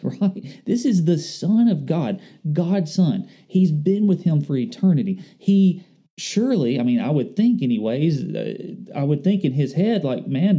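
A man's voice: medium pitch, warm tone. A man preaching a sermon, earnest and conversational, reflective as he speaks to his congregation. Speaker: pastor.

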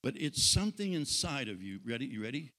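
A man preaching a sermon, dropping to hushed intimate tones and building up again, asking the congregation questions and joking with them. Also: mid-range voice, sing-song, a little fast. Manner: dynamic pacing, drops to hushed intimate tones then builds.

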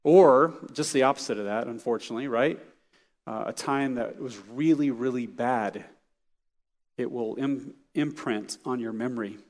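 A man's voice: medium pitch, moderate pace, a little mellow. A middle-aged man preaching a sermon as pastor, conversational and anecdotal, with frequent fillers and restarts. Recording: long hall reverb.

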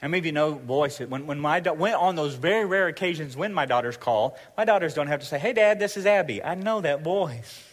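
A man's voice: fairly high pitch, lively intonation, fairly quick, hardly any pauses, big-room sound. A middle-aged man with a Southern accent preaching a sermon in a folksy, joking style with repeated phrases. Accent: Southern US (Arkansas). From Arkansas, US. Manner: folksy, jokey, repetitive preaching cadence. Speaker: pastor.

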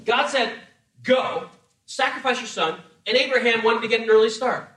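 A man preaching a sermon in an animated, humorous way, acting out voices as he tells the story. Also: very high-pitched, moderate pace, echoey room, recorded from a distance, rough recording. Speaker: pastor.

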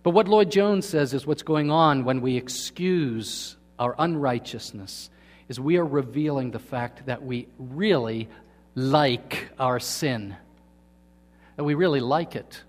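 A man preaching a sermon to his congregation, asking them questions and swinging from quiet to emphatic. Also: medium pitch, slow pace, long reverb tail. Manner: asks the congregation questions, swings between soft and loud. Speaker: pastor. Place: church hall.

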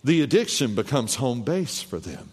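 A man's voice: mid-range voice, sing-song, moderate pace, a little mellow, slightly rough. A man preaching a sermon as the pastor, telling a childhood story and asking his congregation rhetorical questions. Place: church hall. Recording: long hall reverb.

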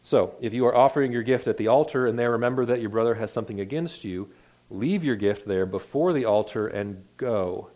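A man's voice: mid-range voice, fairly quick, mellow. A man preaching a sermon in an earnest, conversational way, often restarting his words. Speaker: pastor.

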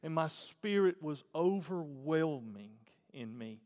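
A man with a high voice preaches to his congregation, sliding between soft, hushed lines and loud, fervent bursts. The sound carries a long church-hall reverb. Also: lively intonation, measured pace, few pauses. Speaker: pastor. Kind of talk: sermon.

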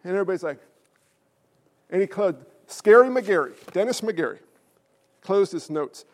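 A male pastor preaching a sermon with emphatic stresses, hushed asides and rhetorical questions to the congregation. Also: high voice, animated, normal speed. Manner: swings between loud stresses and hushed asides.

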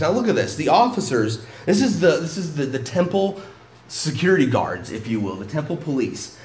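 A man's voice: medium pitch, sing-song, fairly quick, a little mellow, reverberant, slight background noise. A male pastor preaching a sermon in an emphatic, conversational way, often breaking off and restarting his sentences.

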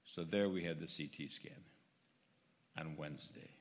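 Older guy w a deep low voice telling his story to the church, earnest, gets real quiet then loud, echoey hall. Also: normal speed. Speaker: church member speaking to his congregation. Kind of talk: personal testimony. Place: church sanctuary.

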